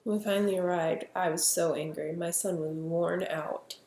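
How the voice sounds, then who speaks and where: A middle-aged woman telling a personal story in a halting, reflective way. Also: fairly low pitch, fairly even intonation, a little mellow. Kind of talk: personal narrative. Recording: echoey room with faint ambient noise.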